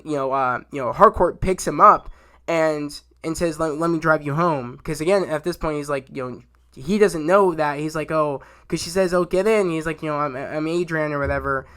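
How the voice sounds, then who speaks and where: A young man talks through a TV episode in a loose, rambling way, piling up fillers and restarts as his excitement builds. His voice sits high for a man and has a bright, forceful edge. The delivery is unscripted and chatty. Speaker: YouTube show reviewer. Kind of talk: casual spoken review.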